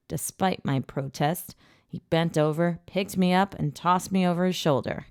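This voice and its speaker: Low, gravelly woman narrating an audiobook. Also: normal speed, no echo, clean studio sound. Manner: even, intimate storytelling. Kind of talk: first-person audiobook narration.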